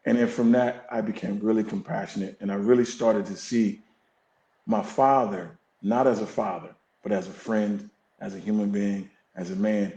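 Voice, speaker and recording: Heard in lo-fi sound with a roomy echo, a man with a warm voice on the low side speaks as a podcast guest. A fire captain and coach, he is candid and reflective, with an earnest, preacher-like emphasis.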